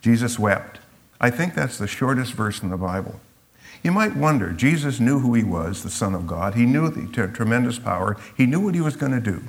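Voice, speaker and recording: A man's voice: mid-range voice, animated, brisk. A man teaching through a Bible passage verse by verse, reflective and explanatory, sometimes acting out the quotes.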